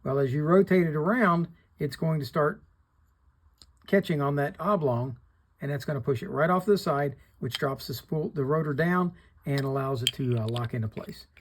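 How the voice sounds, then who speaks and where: A man's voice: fairly high pitch, normal speed. A middle-aged man hosting a hands-on repair tutorial, plain-spoken, talking through each step while he works. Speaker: fishing reel repairer hosting a channel.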